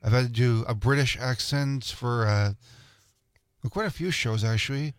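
Male studio producer, mid-pitched voice, dry close mic, easygoing and hesitant. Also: moderate pace, clean tone, no echo. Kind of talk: casual talk radio chat. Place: radio studio. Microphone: studio microphone.

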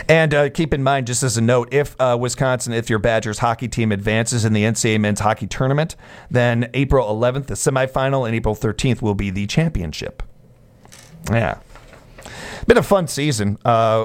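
A man, hosting a sports radio show in a chatty, casual way with jokey asides and frequent restarts. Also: on the low side.

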